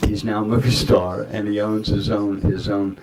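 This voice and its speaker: An older actor, a guest at a festival Q&A, tells rambling anecdotes full of acted-out quotes. His fairly low voice keeps a level tone at normal speed, with audience noise from the festival hall in the background.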